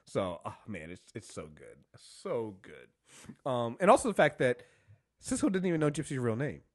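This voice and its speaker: A man co-hosting a casual TV review podcast, animated, acting out scenes and laughing often. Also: mid-range voice, moderate pace, husky. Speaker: podcast co-host.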